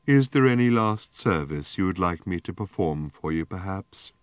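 A man's voice: low-pitched, lively intonation, clear, resonant tone, no room sound. Marvin, a man voicing a gloomy old robot. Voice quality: slow, mournful, self-pitying drone. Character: ancient gloomy rusted male robot. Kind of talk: audiobook character voice.

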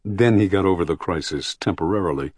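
A man narrating an audiobook in a measured, even storytelling manner, close to the mic. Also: deep voice, dry recording.

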